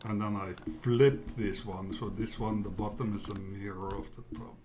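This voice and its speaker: A man teaching a software tutorial in a casual, halting way, often checking in with "yeah?". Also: on the low side, fairly even intonation, a crowd in the background. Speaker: tutorial instructor. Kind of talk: casual screen-share tutorial.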